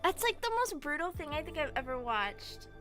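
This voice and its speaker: A woman streams in casual chat, her voice pitched high and ringing bright. She rambles excitably through her retelling and leans on "like" at every turn. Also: moderate pace, soft background music.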